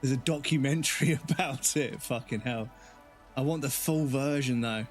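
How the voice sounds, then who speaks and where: A man streaming a game live, talking off the cuff at a middling pitch and wandering from story to story. He swears freely and laughs into his own anecdotes. The game's music plays clearly behind his voice. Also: normal speed. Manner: rambling, swears a lot, laughs while telling stories. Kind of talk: casual live-stream chat while gaming.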